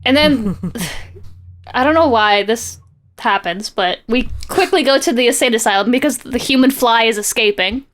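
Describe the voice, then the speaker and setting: A woman's voice: on the high side, moderate pace, fairly bright tone. A young woman co-hosting a podcast, chatting casually and sarcastically while recapping a comic, laughing often. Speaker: podcast co-host.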